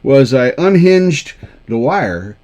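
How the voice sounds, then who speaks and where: A man's voice: mid-range voice, very animated, takes it slowly, darkish tone. A man hosting a live karaoke stream, chatting casually with viewers in a rambling, self-deprecating way. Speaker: livestream karaoke show host.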